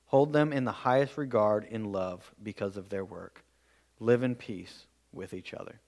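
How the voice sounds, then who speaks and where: A man's voice: lowish voice, moderate pace, darkish tone. A man preaching a verse-by-verse sermon in an earnest way, often repeating words as he goes. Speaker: pastor.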